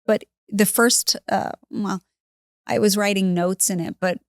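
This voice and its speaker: A woman's voice: mid-range voice, fairly even intonation, measured pace, no echo, studio quality. A woman hosting a conversation, reflective and searching for her words. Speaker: host. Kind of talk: casual conversation.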